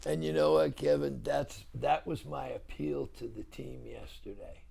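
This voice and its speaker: A middle-aged man with a strongly gravelly, creaky voice talks casually as a football coach. He tells stories in an animated way and often restarts his sentences. A crowd murmurs clearly behind him. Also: medium pitch, unhurried, rough recording. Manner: animated storyteller, frequent restarts. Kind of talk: casual chat.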